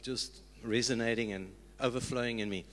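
A man's voice: mid-range voice, steady tone, moderate pace, fairly bright tone. A man, a church leader, exhorting the congregation earnestly with call-and-response lines. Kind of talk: sermon. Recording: long reverb of a church hall.

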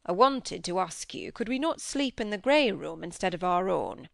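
A woman's voice: on the low side, big pitch swings, normal speed, creaky, no echo, studio quality. A woman voicing a grave, pious middle-aged male minister and farmer who speaks in an earnest, solemn, preaching cadence.

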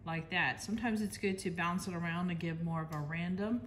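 A woman's voice: lowish voice, brisk, few pauses, slight background noise. An American woman giving a casual, chatty painting demonstration, talking while she works and apologizing to viewers now and then. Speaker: art instructor.

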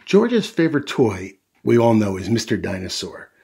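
A man's voice: fairly low pitch, sing-song, normal speed, vocal fry, mellow, breathy edge. A man reading a picture book aloud to children as a storyteller, adding friendly asides to young listeners.

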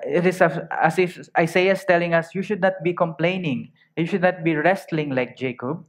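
Earnest man preaching a sermon. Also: fairly high pitch. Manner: earnest, emphatic, with slow dramatic quotes of scripture. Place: church.

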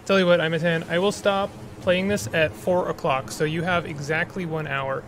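A man's voice: fairly high pitch, steady tone, normal speed, background noise. A man streaming a video game, chatting casually and rambling with restarts as he plays. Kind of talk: casual gameplay commentary.

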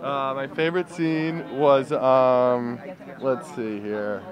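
A man being interviewed outdoors as an actor, easygoing and joking, with halting pauses. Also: medium pitch, fairly even intonation, highs cut off. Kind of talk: casual red carpet interview. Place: outdoor red carpet, urban. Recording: noisy crowd around. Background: crowd chatter.

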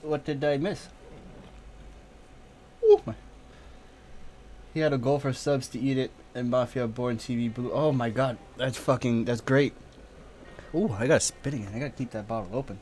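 A man's voice: mid-range voice, brisk, a little mellow, a little hiss or hum. Casting: male streamer, casual chat, voice strained and sniffly from spice, swears a lot. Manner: pained, coughing and spitting, cursing freely. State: drooling, tearing up, sniffly.

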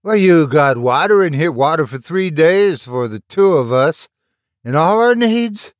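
A man voicing a nervous young male killer who talks in rough backwoods speech and stammers. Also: medium pitch, very animated, a little slow, no room sound, studio quality. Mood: alarmed.

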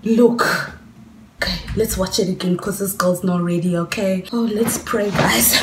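A young woman hosting a reaction video, rambling and swearing, shrieking with excitement. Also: medium pitch, unhurried, noisy background. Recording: echoey room with music playing.

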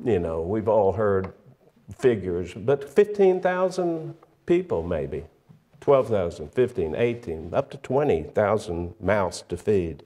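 A man preaching a sermon, measured and emphatic, often pausing on fillers and restarting his phrases. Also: fairly low pitch, sing-song, warm tone. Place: church sanctuary. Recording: long church reverb.

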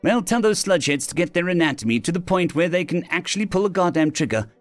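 A man's voice: high-pitched, lively intonation, fast talker, dry recording, soft background music, voice pushed up. A man voicing a brash, foul-mouthed small woman general who talks bluntly and scolds. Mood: brusque.

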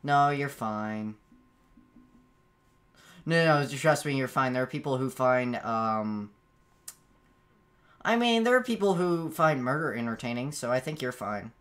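A man's voice: mid-range voice, animated, a little slow, pauses often, a bit bright. A man streaming a game, chatting casually, stammering and repeating words, breaking into yelps and laughs when frustrated. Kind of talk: casual gameplay commentary.

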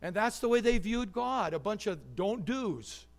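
A male pastor giving a sermon, telling stories with lively swings between loud and soft delivery. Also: high voice. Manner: animated storytelling with quick shifts in volume. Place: church.

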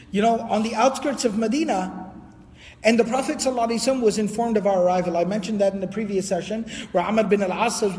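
A man giving an Islamic history lecture, telling the story in a lively way and quoting Arabic before translating it. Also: sits high, in a large hall.

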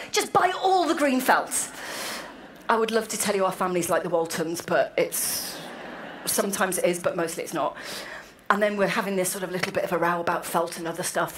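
A woman in her forties giving a wry, self-deprecating anecdotal speech to a meeting. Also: fairly low pitch. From Wales. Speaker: speaker at an annual meeting. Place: large hall, to an audience. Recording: echoey hall with faint room noise.

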